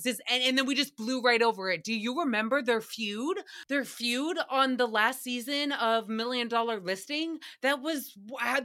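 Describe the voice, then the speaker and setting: A young adult woman hosts a casual recap podcast, talking in a loose, rambling way. Her voice sits a bit high, and its tone is bright and sharp. She swears freely and often breaks into laughter. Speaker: podcast host.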